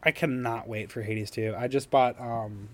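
A man with a mid-range voice co-hosts a casual gaming podcast. He talks in an excitable, blunt way and swears freely. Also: mid-range voice, moderate pace. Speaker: podcast co-host.

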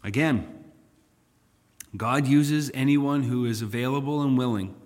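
A man's voice: mid-range voice, unhurried, a little mellow. A man pastor teaching a Bible study, conversational and turning emphatic when he reads scripture aloud. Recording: long hall reverb.

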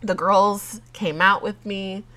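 Woman podcast host, slow relaxed pace, gets teary, laughs a lot, says y'all. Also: medium pitch. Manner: chatty and openly emotional, fighting back tears; laughs between thoughts, talks to listeners as "y'all". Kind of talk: casual solo podcast chat.

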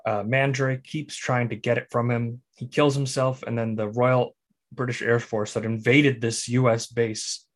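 A man at a mid pitch, co-hosting a podcast and talking casually about a film. He explains the plot at length to set up each clip. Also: flat delivery, a little slow. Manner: explains plot and sets up clips. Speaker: podcast co-host.

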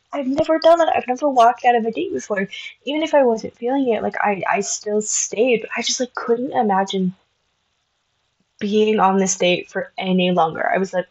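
Woman, twenties, casual storytelling vlogger, animated and profane, plays out both sides of each conversation, mid pitch, slightly muffled recording. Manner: chatty, animated, swears freely, acts out both sides of conversations. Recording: slightly dull lo-fi sound.

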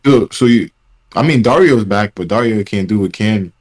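A man's voice: fairly low pitch, animated, normal speed. A young man co-hosting a casual podcast chat, blunt and swearing freely. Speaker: podcast co-host.

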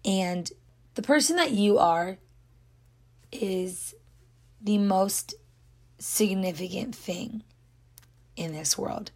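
A young woman hosting her own podcast, her voice hoarse and nearly gone, talking in an earnest, rambling way full of "like". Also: mid-range voice. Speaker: podcast host. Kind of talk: casual solo podcast talk.

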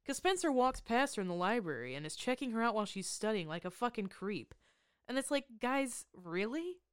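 A woman's voice: medium pitch, smooth, no room sound, studio quality. A woman co-hosting a podcast, recapping a movie in casual chat with sarcastic, swearing asides. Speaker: podcast co-host.

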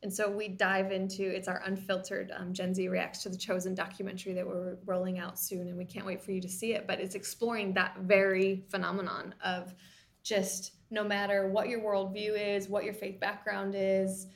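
A woman producer being interviewed, talking eagerly and fluently, now and then restarting a phrase when she gets excited. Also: mid-range voice, normal speed. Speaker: TV series producer, interview guest. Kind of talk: conversational interview.

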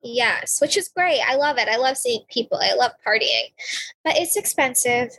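A young woman co-hosting a podcast, chatting casually and reacting with quick interjections. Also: a little high, expressive, bright, forceful tone, low-quality recording. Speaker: podcast co-host. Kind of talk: casual chat.

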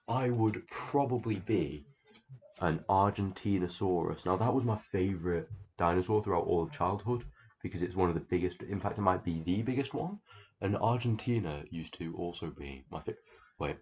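A man's voice: low voice, moderate pace, darkish tone, lo-fi sound. A teenage boy co-hosting a homemade podcast, joking and rambling in casual chat on a home microphone. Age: teens. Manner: jokey, rambling, laughs often. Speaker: podcast co-host.

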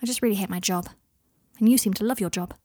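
A woman's voice: medium pitch, fast, warm tone, dry recording, studio quality, lightly acted. A woman voicing an awkward, hesitant young wizard man who speaks plainly.

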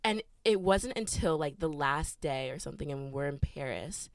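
Young woman rambling thru a travel story on a podcast, kinda low voice, dry mic. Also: animated, normal speed, gravelly, no echo. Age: young adult. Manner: chatty storytelling, lots of "like". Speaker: podcast co-host. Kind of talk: casual chat.

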